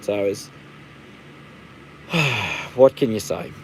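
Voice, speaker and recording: A man's voice: lowish voice, expressive, extremely slow, a little hiss or hum, low-quality recording. Australian man, 50s, livestream host. Blunt, rambling, casually profane. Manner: rambling, blunt, swears freely. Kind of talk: casual live-stream chat.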